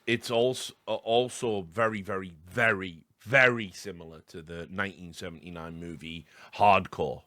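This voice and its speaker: A man's voice: low-pitched, steady tone, bright, forceful tone, no echo, clean studio sound. A man co-hosting a film podcast, talking eagerly with many restarts. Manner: enthusiastic, halting restarts. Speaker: podcast co-host. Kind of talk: casual film discussion.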